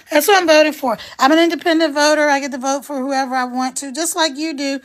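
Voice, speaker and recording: A woman's voice: high-pitched, normal speed. A woman in her sixties chatting frankly on a live stream, greeting viewers by name and answering comments. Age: 60s. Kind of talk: casual live-stream chat.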